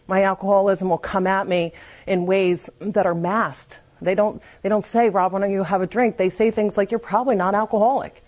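A woman's voice: mid-range voice, fairly even intonation, moderate pace, a little mellow, lo-fi sound. A woman speaking candidly at a recovery meeting, giving a confessional personal testimony and often restarting her sentences.

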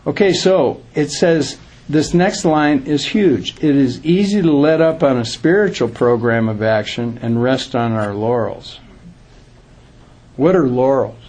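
A man's voice: medium pitch, measured pace, a little mellow, a little hiss or hum. A man giving an earnest, plain-spoken recovery talk to a group, emphatic and direct. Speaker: recovery speaker.

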